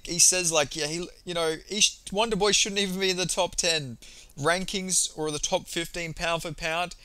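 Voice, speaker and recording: Excitable, profane young man recapping fights. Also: fairly high pitch, dry recording. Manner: excitable, profane, rambling with many fillers. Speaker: MMA commentary vlogger. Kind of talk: casual recap monologue.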